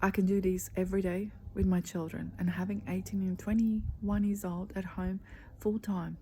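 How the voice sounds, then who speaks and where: Though her voice is dark, it sits in the mid range with little pitch movement as this woman softly gives a motivational talk. The life coach speaks earnestly, slowly and with emphasis, often near a breathy whisper, over poor audio and faint background noise.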